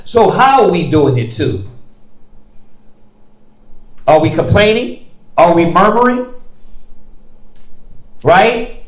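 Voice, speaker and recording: A man's voice: high voice, sing-song, slow, long pauses. A man leading a bible study discussion, firing off rhetorical questions and call-and-response prompts in a colloquial way. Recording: roomy echo.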